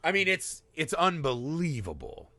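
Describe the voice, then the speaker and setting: Man, thirties, animated film podcast chat, bright tone, dry close sound. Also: fairly high pitch, measured pace, no echo. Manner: animated, swears freely, acts out movie moments. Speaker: podcast co-host.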